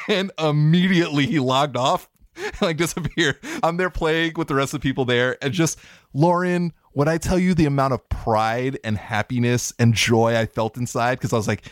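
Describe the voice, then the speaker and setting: Male podcast co-host, casual and jokey, lively pitch, dry close mic. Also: normal speed, no room sound, faint music behind. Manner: animated, jokey storytelling with swings into high mock voices. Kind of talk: casual chat.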